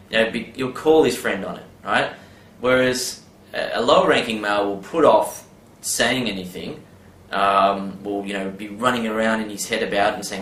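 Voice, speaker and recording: A man's voice: fairly low pitch, moderate pace, a bit bright, a little hiss or hum. A man giving a casual advice monologue, rambling with many fillers and tag questions. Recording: roomy with faint background ambience.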